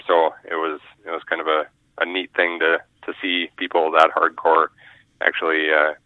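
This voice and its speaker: Low voiced minnesota fishing guy calling in, dull phone sound, lots of ums and restarts. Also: level tone, moderate pace, no echo. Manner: rambling, repeats words, many fillers. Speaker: fishing guide. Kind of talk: casual radio interview. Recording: muffled phone line.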